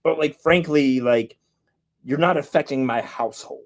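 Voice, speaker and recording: A man's voice: fairly high pitch, normal speed. A man co-hosting a podcast, talking in a heated, rambling way with lots of filler words and swearing. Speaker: podcast co-host. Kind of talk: casual chat.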